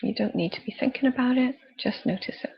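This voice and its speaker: Husky, gravelly woman guiding a body scan. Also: fairly high pitch, lo-fi sound. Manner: slow, soft, calm instructions with pauses. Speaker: youth worker leading a relaxation exercise. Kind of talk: guided body scan meditation.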